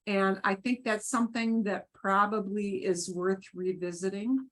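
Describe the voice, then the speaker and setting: A woman teaching a beginners' Spanish class, explaining grammar patiently with lively rises and falls in her voice. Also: medium pitch, a little slow.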